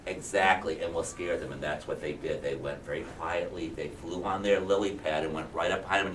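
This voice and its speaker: A man's voice: low voice, normal speed, hardly any pauses, fairly bright tone, slight background noise. A male kindergarten teacher animatedly telling a picture-book story to young children, often asking them questions. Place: classroom. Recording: roomy classroom from a distance.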